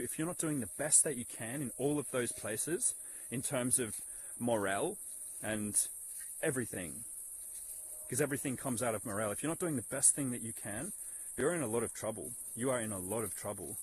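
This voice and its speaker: A man talking straight to the camera in a heated, preachy monologue, with a voice of ordinary middle pitch. He swears freely and hammers his points through repetition. A faint hiss of noise sits under his voice. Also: poor audio. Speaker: social media commentator.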